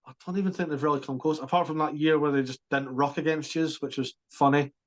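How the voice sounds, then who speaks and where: A man co-hosting a podcast, chatting about sport in an animated, emphatic way with quick restarts. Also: a little high. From Scotland. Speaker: podcast co-host. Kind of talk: casual sports chat.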